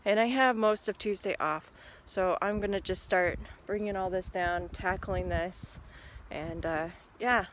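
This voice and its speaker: A woman vlogging casually at home, chatty and relaxed, laughing often between remarks. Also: mid-range voice, unhurried, slight background noise. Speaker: homesteading vlogger. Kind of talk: casual chat to camera. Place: home kitchen indoors.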